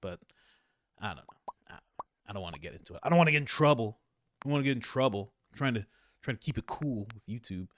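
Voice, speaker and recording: A man hosting a casual political commentary, rambling and animated, with frequent fillers. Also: lowish voice, quick pace, long pauses, slight background noise.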